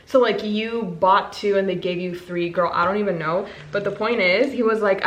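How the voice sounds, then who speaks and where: A woman in her twenties chatting to camera as a book vlogger, bubbly and gushing, breaking into quick bursts of excitement. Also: mid-range voice, slight background noise. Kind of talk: casual chat to camera. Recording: echoey room.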